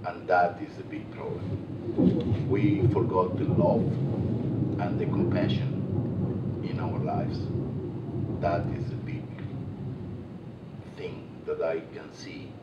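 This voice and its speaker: A man from Latin America speaking English with a Latin American Spanish accent, halting and searching for words. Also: deep voice, level tone. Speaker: workshop participant. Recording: distant, echoey, dull, noisy room mic.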